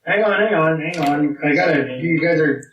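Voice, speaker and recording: A man's voice: a little high, normal speed, a bit bright, muffled recording. Profane man hosting a podcast quiz. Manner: blunt, profane, reads out quotes. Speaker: podcast host running a quiz game. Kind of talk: casual podcast chat. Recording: roomy, distant mic, faint noise.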